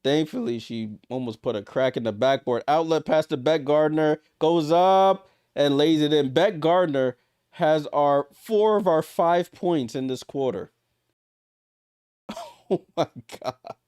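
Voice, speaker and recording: A man hosting a livestream watchalong, calling a basketball game with exasperated, disbelieving commentary, swinging between loud outbursts and muttered asides. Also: fairly high pitch, unhurried, clear, resonant tone, no room sound, clean studio sound.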